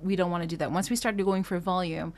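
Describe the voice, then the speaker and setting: Speaking fast in a fairly low voice with fairly even intonation, a woman gives a singing lesson. She explains technique, often using fillers and restarting, and breaks in with brief sung phrases and vocal exercises.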